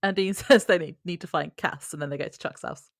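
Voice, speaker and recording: A woman with a very low, gravelly voice chats through an episode recap. She giggles often and keeps an easygoing pace. The sound is close and dry. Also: a little fast, no room sound. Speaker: podcast co-host. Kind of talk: casual TV episode recap chat.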